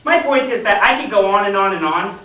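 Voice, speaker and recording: High-voiced man pitching to a room. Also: brisk. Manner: animated storytelling, acting out quoted people. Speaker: business opportunity speaker. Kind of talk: motivational seminar talk. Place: meeting room with an audience. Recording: echoey room, distant mic.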